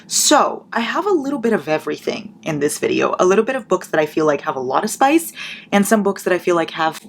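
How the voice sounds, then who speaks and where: A woman's voice: fairly low pitch, lively intonation, brisk, slight background noise. A young woman in her twenties chatting casually about books, gushing and swearing freely. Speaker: book vlogger. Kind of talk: casual chat.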